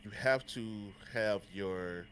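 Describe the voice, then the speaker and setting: A man's voice: lowish voice, slow pace, fairly bright tone, a little hiss or hum. A man with a stuffed-up, nasal voice, a podcast guest talking bluntly and emphatically, swearing casually. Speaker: podcast guest, content creator.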